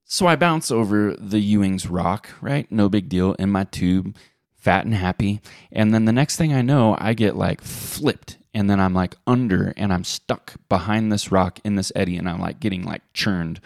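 A middle-aged man co-hosting a podcast, telling animated stories and acting out the voices he quotes. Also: fairly low pitch, moderate pace, vocal fry, no room sound, clean studio sound. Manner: animated storyteller, acts out quotes. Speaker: podcast co-host. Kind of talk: casual chat.

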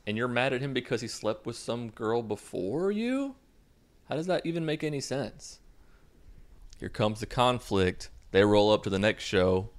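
A man's voice: mid-range voice, big pitch swings, normal speed. A young man casually recapping a movie in a sarcastic, mocking way. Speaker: movie reviewer.

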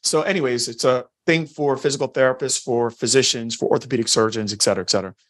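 A man hosting a podcast, telling a story in a casual, enthusiastic way with quick asides. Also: mid-range voice, steady tone, a bit bright. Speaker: podcast host. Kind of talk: casual interview chat.

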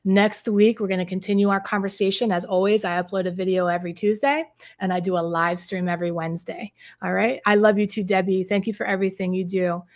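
A woman's voice: medium pitch, flat delivery, fast talker. A middle-aged woman coaching on a live stream. She chats with viewers, reads out their comments and acts out the voices of the people she quotes. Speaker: relationship coach.

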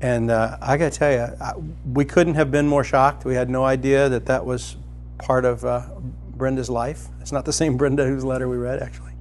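A middle-aged man preaching a sermon as a pastor, telling a personal story and climbing to loud, excited emphasis. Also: medium pitch, moderate pace, hardly any pauses, soft background music.

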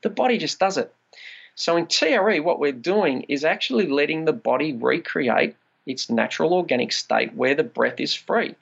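Gravelly-voiced man explaining breathwork. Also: medium pitch, highs cut off. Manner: animated, acts out quoted inner voices. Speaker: trauma release practitioner, guest. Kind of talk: conversational podcast explanation.

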